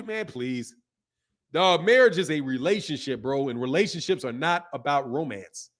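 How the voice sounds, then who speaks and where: A high-voiced man speaking hosts a casual livestream. He reads viewer comments aloud and answers them bluntly, with profanity, laughter and animated asides. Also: normal speed. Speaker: boxing channel host.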